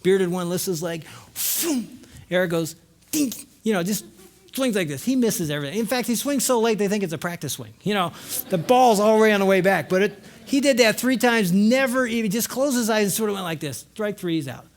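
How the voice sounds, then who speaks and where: A middle-aged man telling a story to a live audience at a marriage conference, acting out voices and shouting lines. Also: high voice, expressive, fast talker.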